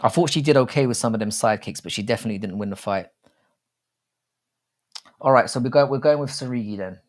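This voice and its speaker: A man's voice: mid-range voice, fast talker. A young man hosting a casual live stream, rambling and swearing freely with many restarts.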